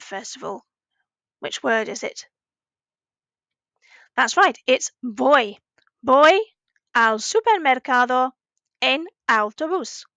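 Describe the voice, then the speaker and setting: Slow, bright-voiced woman teaching children. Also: high-pitched, dry recording. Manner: slow, patient, asks questions and pauses for answers. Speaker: primary language teacher. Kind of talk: recorded lesson for children.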